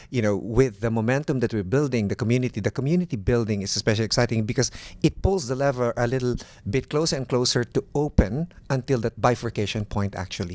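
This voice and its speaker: A male doctor and founder talking through ideas in a thoughtful, explanatory way on a podcast. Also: on the low side. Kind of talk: casual podcast discussion.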